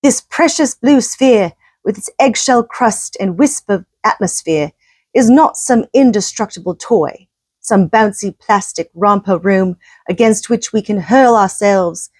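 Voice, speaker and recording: A woman's voice: medium pitch, a little slow, dry recording, studio quality, lightly acted. A woman doing a put-on English accent as a pompous British male politician giving a grand, oratorical speech. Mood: lofty.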